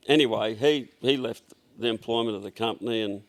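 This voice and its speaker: A man's voice: medium pitch, normal speed, vocal fry. An older Australian man with a workshop, telling rambling, blunt anecdotes full of fillers and restarts in a casual interview. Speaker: workshop owner, guest.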